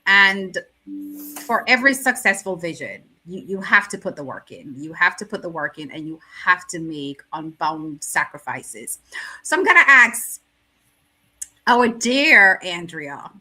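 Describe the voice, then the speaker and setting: Woman, talk show host, slow pace, bright tone, measured questions. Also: on the low side, lively intonation, poor audio.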